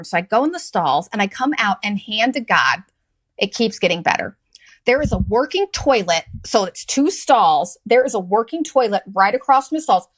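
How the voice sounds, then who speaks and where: A middle-aged woman hosting a podcast, telling a story in a sarcastic, profane and animated way. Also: a little high, poor audio. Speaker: podcast host. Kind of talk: casual storytelling monologue.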